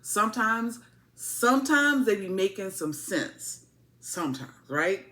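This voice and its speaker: Animated woman with lively bright voice. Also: medium pitch, slow. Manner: animated, playful, acts out characters in quotes. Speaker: TV show reviewer. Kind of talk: casual recap commentary.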